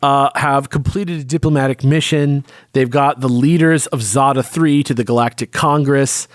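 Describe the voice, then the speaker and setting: A man co-hosting a podcast, casually recapping a comic with loose, profane storytelling and quick acted-out quotes. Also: mid-range voice, fairly even intonation, dry recording, studio quality. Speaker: podcast co-host.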